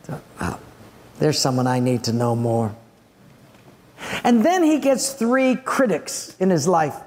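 A man's voice: sits high, a little mellow. A man preaching a sermon, telling a story with animation and acting out the scenes. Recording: long hall reverb.

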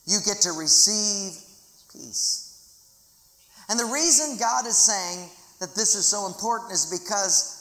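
A pastor leads the congregation in reading scripture aloud during a dramatic sermon in a large church auditorium. His mid-range voice is bright and forceful, unhurried, with lively intonation, and the reverb is long and echoey.

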